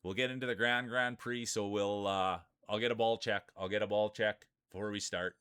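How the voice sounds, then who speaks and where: A man's voice: lowish voice, steady tone, moderate pace, fairly bright tone, clear, resonant tone. A man hosting a live stream, giving hyped, announcer-style play-by-play of marble races and greeting chat by name. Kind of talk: mock sports play-by-play commentary.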